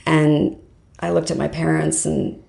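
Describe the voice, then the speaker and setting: A woman's voice: low-pitched, level tone, unhurried, vocal fry, a little mellow. A middle-aged woman, a guest on a podcast interview, telling her story in a chatty way with lots of "like" and "um". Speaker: podcast guest, fundraising professional.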